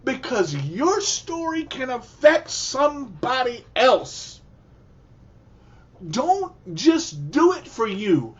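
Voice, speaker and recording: A man's voice: very high-pitched, sing-song, slow, highs cut off. A man hosting a radio show, giving an emphatic motivational talk in a preacher-like way and often repeating himself.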